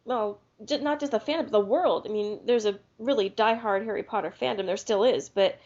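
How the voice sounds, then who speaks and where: A woman's voice: a little high, fairly quick, a little mellow. A woman co-hosting a podcast, telling a story in a rambling, casual way with restarts. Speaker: podcast co-host. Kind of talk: casual chat. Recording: lo-fi podcast audio.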